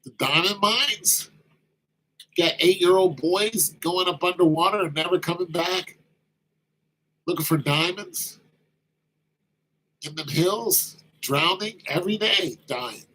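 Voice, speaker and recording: A man's voice: high-pitched, slow pace, pauses often, bright, forceful tone, slightly rough, low-quality recording. A man talking casually and with animation, acting out quoted exchanges as he tells the story. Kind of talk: casual talk.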